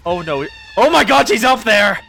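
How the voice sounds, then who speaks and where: Excitable woman streamer reacting to a game. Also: a little high, normal speed, gravelly, a little hiss or hum. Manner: excitable, gasping and laughing reactions.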